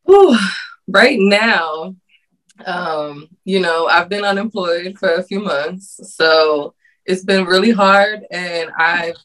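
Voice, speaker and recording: A woman's voice: fairly low pitch, slow, fairly bright tone, poor audio. A woman guest on a podcast who creates content, talking in a casual, earnest and heartfelt way, laughing often.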